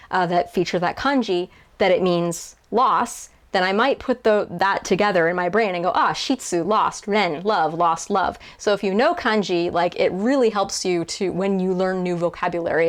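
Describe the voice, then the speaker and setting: A woman's voice: on the low side, moderate pace. A young woman translator casually answering viewer questions to camera, chatty and self-deprecating, with frequent fillers and restarts. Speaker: YouTuber and translator.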